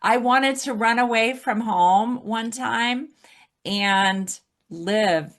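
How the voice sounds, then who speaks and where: A woman's voice: a little high, slow pace, a bit bright. A woman from Alaska talking as a podcast guest, reflective, often laughing as she speaks. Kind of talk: casual conversation.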